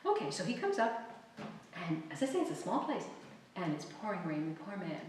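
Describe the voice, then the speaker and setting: A middle-aged woman author telling animated stories to an audience, laughing often and acting out quoted lines. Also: fairly low pitch, brisk, a little hiss or hum. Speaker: author giving a library talk. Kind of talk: storytelling talk to an audience. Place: library event room. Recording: roomy, distant mic with faint ambience.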